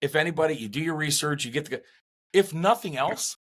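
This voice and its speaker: Husky-voiced middle-aged podcast co-host, slightly high, rambling with restarts. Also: male voice, brisk. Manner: animated, rambling with many restarts. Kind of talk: casual chat.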